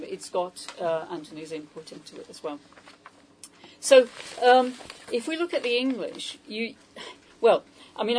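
This poetry translator hosts a salon, speaking informally and hesitantly to a small audience and asking lots of questions. Her voice is lowish and darkish, on a low-quality recording with a little hiss or hum.

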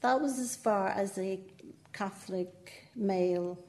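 A woman's voice: mid-range voice, takes it slowly, darkish tone. An older woman with a Northern Irish accent speaking as a poet guest in an interview. She talks in a chatty way, laughs often and makes self-mocking asides. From Northern Ireland. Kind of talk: conversational interview.

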